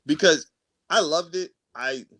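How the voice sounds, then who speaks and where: A man co-hosting a wrestling podcast in casual chat, animated and quick to swear and laugh. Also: on the high side, no echo. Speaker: podcast co-host.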